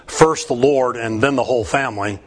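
A man reading a proud mother's lines, delivered in a crisp, dry, matter-of-fact way. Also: mid-range voice, brisk, natural voice. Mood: deadpan. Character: woman, a proud mother stating her job.

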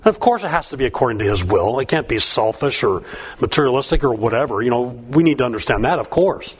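A man's voice: mid-range voice, lively intonation, quick pace, breathy edge. A man preaching a sermon, reading scripture and breaking into folksy, conversational asides. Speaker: pastor.

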